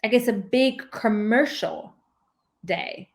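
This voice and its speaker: A woman guest who is an academic, speaking thoughtfully in a podcast interview and pausing on frequent "um"s. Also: a little high. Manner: thoughtful, measured, many "um"s. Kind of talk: conversational interview.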